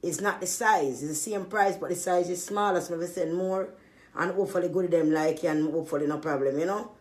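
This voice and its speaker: A woman's voice: fairly low pitch, fast. Irritated woman ranting. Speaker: small business owner. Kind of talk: angry venting monologue.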